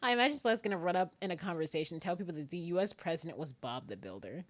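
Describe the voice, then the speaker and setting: Giggly, animated woman streamer. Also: fairly low pitch, racing. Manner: animated and giggly, frequent laughter; self-described very nervous, rambling with restarts. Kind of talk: casual live-stream chat.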